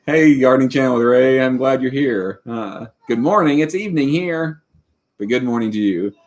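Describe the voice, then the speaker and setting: A man's voice: mid-range voice, animated, unhurried, long pauses. A Kentucky man in his thirties with a Southern accent, hosting a casual livestream chat and rambling with many fillers. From Western Kentucky. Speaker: livestream host.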